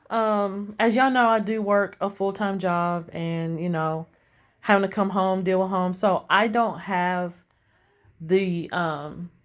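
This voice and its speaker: A middle-aged woman from Tennessee with a Southern country accent, chatting to camera in a casual vlog, telling stories and addressing viewers as y'all. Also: lowish voice. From Tennessee, USA. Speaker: vlogger selling gift baskets. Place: outdoors at a street sales stand, later at home. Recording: noisy outdoor street with traffic. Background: car traffic.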